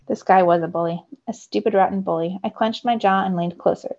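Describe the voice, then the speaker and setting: A teacher reading a novel aloud to her students in a steady first-person storytelling manner. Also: mid-range voice, a little fast, few pauses. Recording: slightly dull lo-fi recording.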